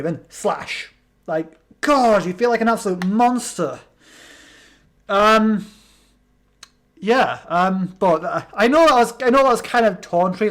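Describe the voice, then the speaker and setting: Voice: medium pitch, animated, measured pace. A British let's play host giving casual, sarcastic, rambling commentary while playing a game. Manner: rambling, sarcastic, many restarts.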